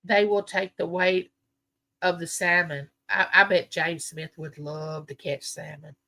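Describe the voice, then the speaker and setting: A Southern US woman hosts a casual livestream chat, telling viewers rambling stories in a chatty way. Her fairly low voice is steady, a little slow, bright, and forceful.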